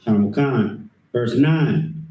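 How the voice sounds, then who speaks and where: A man reading scripture aloud in a steady, careful way during a class. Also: medium pitch, drawn-out words, reverberant, distant mic, muffled recording.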